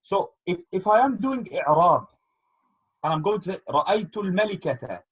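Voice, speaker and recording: Teacher type, patient explainer, slightly high husky voice, muffled call sound. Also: male voice, expressive, normal speed. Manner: patient, explains with repeated examples. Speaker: Arabic teacher. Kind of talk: online grammar lesson. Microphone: video call. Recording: dull lo-fi call audio.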